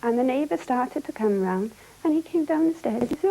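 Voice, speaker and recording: Welsh woman, gravelly, hushed testimony. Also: animated, poor audio. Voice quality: low-key, halting, with many restarts. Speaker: domestic abuse survivor. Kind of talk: personal testimony.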